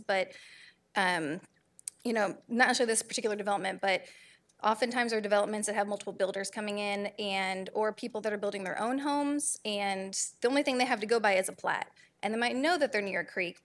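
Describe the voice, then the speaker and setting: A woman planning commissioner raising a concern at a public meeting, speaking thoughtfully and deliberately. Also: mid-range voice, a bit bright. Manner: thoughtful, deliberate, slightly self-deprecating. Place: city council chamber.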